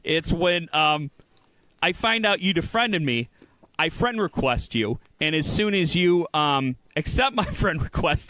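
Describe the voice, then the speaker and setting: A man's voice: on the high side, lively intonation, a little slow, bright, forceful tone, no echo. A man co-hosting a casual comedy podcast, ranting in mock indignation during banter with his co-host. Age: adult.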